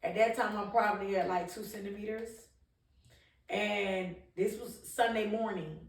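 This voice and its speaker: A woman's voice: mid-range voice, fairly even intonation, normal speed, vocal fry, recorded from a distance. A woman speaking a little away from the mic in a roomy, echoey space. She tells a candid personal story in an emphatic, chatty way. Her sentences often restart. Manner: emphatic, conversational, with frequent restarts and laughs. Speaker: vlogger telling her birth story.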